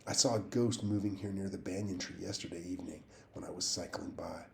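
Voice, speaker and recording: A man's voice: low-pitched, steady tone, brisk, vocal fry, slight background noise. Nervous, insistent boy, voiced by a man reading. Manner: urgent, insistent.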